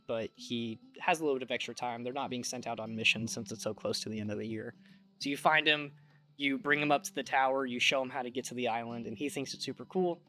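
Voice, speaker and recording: A man narrating as game master of a tabletop game, relaxed and rambling. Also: mid-range voice.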